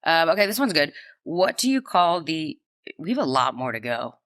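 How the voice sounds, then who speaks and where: Woman, podcast co-host, casual chat, playful, bright tone, dry close sound. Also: sits low, normal speed, no room sound. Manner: animated, playful, reads out debate notes.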